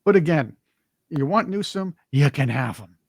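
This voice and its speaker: Host for a political talk show: a man with a slightly high voice who mocks with sarcasm and sounds dry and close. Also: expressive, moderate pace, creaky, a little mellow, no echo. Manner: mocking, puts on whiny voices to imitate opponents. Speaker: podcast co-host. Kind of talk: casual political commentary.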